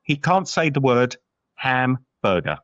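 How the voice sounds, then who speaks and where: A man co-hosting a casual film review podcast, blunt and sweary and quick to laugh. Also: medium pitch, sing-song, a bit bright, no room sound. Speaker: podcast co-host. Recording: slightly dull lo-fi sound.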